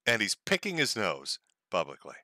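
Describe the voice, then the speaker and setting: A man's voice: lowish voice, huge pitch swings, normal speed, sharp tone, no room sound. A man hosting a stream, giving sarcastic, profane commentary on a video clip. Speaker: stream host.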